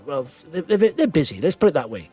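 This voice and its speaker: A man with a voice a little higher than most, telling jokes and rambling through casual podcast chat. Faint music sits behind him. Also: very animated, a little fast, a little mellow, breathy edge. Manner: rambling, jokey, full of fillers. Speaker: podcast host.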